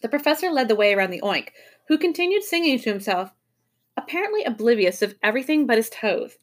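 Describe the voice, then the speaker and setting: A woman teacher reading a children's novel aloud to her class in an expressive, lively way. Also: a little high, fast talker.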